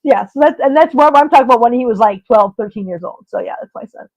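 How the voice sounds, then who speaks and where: Fast and lively in intonation, her slightly high voice has a touch of mellowness. The middle-aged host keeps her livestream casual with chatty stories and frequent laughs, heard through dull lo-fi audio.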